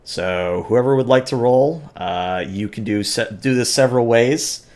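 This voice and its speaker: A man's voice: mid-range voice, a little slow, darkish tone. A man narrating as game master, hesitant and full of filler sounds.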